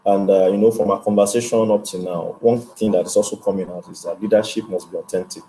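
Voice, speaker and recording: A man's voice: low voice, fairly even intonation, fast, warm tone, slight background noise, low-quality recording. A man as a guest speaker, giving earnest, instructive advice in an interview. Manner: earnest, instructive, checks in with "okay?".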